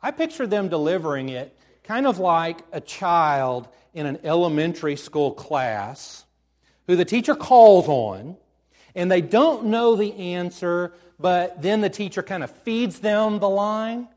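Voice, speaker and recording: Animated male preacher acting out stories. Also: high voice, measured pace. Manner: animated storytelling, acting out quoted lines. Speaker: pastor. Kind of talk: sermon.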